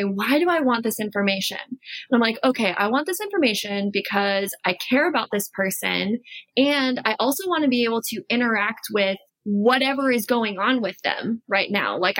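A woman's voice: medium pitch, a bit bright, no echo, low-quality recording. A woman guest, a life and love coach, chatting casually and acting out both sides of past conversations. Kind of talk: casual storytelling chat.

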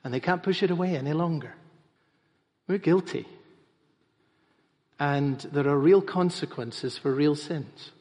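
A man's voice: on the high side, unhurried, long pauses, darkish tone. A man preaching a sermon as pastor, emphatic and repeating phrases for stress. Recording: reverberant hall.

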